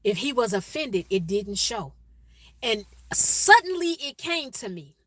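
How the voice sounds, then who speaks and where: A woman from Chicago telling a personal story and urging listeners toward peace, in an animated, emphatic way with strings of repeated questions. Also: a little high, a little slow, no room sound. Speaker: inspirational speaker.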